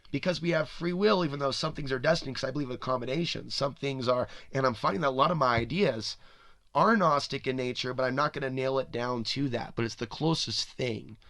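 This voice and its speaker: A man's voice: mid-range voice, fairly bright tone, no echo. Rambling male podcast host, dry sound. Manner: rambling, speculative, full of "you know" and restarts. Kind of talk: spoken monologue.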